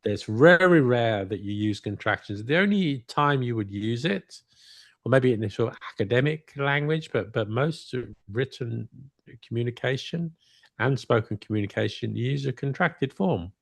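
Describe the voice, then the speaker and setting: A man co-hosting a casual podcast as an English teacher, relaxed and correcting himself as he gives spoken examples. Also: medium pitch, moderate pace, gravelly, no echo.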